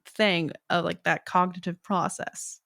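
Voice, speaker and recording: A woman co-hosting a podcast, chatting casually with short, low-key replies. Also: flat delivery, unhurried, vocal fry, a bit bright, no echo, clean studio sound. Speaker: podcast co-host. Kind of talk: casual chat.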